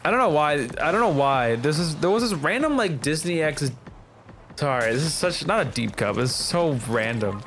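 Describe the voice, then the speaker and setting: A man's voice: fairly high pitch, sing-song, normal speed, a bit bright, a little hiss or hum. A man streaming a game and chatting casually, rambling and throwing in playful exclamations. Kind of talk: casual gameplay commentary. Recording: music playing behind.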